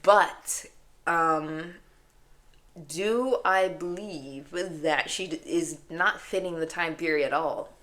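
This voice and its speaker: Bright-voiced woman chatting casually. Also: sits low, slow. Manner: swearing, animated, laughing often. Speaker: podcast co-host. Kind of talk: casual chat.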